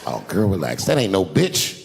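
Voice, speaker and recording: A man's voice: low-pitched, wildly swooping pitch, moderate pace, vocal fry, pitched below the performer's own voice, full character voice. A man putting on a sassy unbothered girlfriend. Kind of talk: stand-up comedy. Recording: reverberant hall with noisy ambience.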